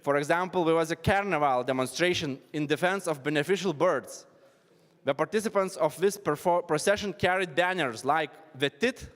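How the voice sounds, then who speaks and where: A man's voice: a little high, a bit bright. Breathless man in an echoing hall. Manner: halting, self-deprecating, non-native phrasing. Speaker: performance artist presenting. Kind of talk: informal spoken presentation. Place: large hall at an arts event.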